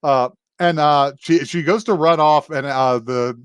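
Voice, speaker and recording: A man co-hosting a podcast, casually recapping a story in a rambling, animated way and acting out the characters' lines. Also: a little high, unhurried, clear, resonant tone, dry recording. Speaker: podcast co-host. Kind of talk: casual chat recapping an anime episode.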